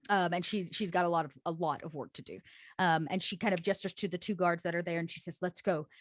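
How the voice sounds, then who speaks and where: Low-voiced woman game master. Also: quick pace, no echo, clean studio sound. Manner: descriptive, with frequent fillers. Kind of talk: narrating a tabletop game.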